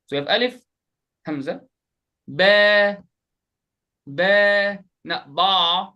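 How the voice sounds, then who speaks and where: A man teaching an online group class, animated and repeating letters slowly for his students. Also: high voice, muffled recording. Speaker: Quran recitation teacher. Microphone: webcam.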